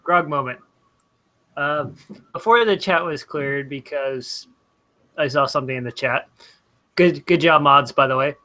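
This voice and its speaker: Man hosting, casual, bright-toned, keeps the round moving. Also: on the high side, a little slow, long pauses. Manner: relaxed, chatty, calls on each guest in turn. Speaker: host of a fan panel show. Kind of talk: casual panel chat.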